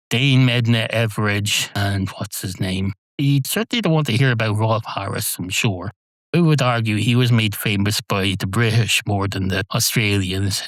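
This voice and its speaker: A man's voice: fairly low pitch, no room sound. A middle-aged Irish man hosting a solo podcast, talking in a rambling, wry, digressive way. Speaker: podcast host.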